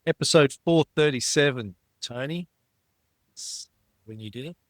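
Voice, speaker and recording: A man hosting a casual investing podcast, quick and teasing in his banter. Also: mid-range voice, no room sound. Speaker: podcast host.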